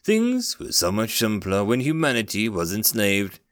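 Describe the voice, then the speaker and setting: A man voicing a haughty, ageless high elf who talks in a melodic, high, condescending way. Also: huge pitch swings, normal speed, fairly bright tone, no echo, clean studio sound.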